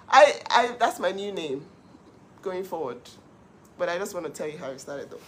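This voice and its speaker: A middle-aged woman hosting her own live stream, telling her story with animated emphasis. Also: on the low side, moderate pace. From Nigeria. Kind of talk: casual live-stream monologue.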